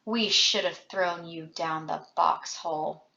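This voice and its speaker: A woman reading as a young man slipping into madness, loud, bitter and raging, his voice bright and forceful. The reading sounds roomy and slightly dull, like a lo-fi home recording. It is a storybook reading. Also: on the low side, fairly even intonation, slow pace, gravelly, full character voice. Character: young man, feverish friend turning violent.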